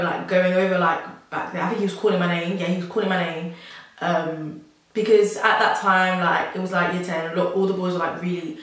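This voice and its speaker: Rambling young woman, very echoey. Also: on the low side. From South London. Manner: chatty and rambling, heavy use of "like", with nervous laughs. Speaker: vlogger. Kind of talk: personal storytelling to camera. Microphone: camera mic. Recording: very echoey room.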